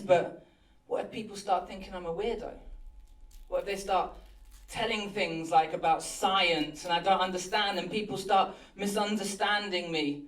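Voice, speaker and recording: A pastor preaches with earnest animation, voicing the worried thoughts of his listeners. His voice sits high for a man. It rings through a roomy church hall, picked up from some distance. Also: a bit bright. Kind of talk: sermon.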